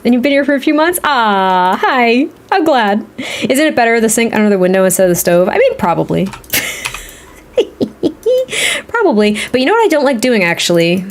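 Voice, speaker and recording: A woman live streaming while she builds in a game, chatting and rambling to her viewers and laughing often. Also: medium pitch. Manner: talks to chat viewers, reads their comments.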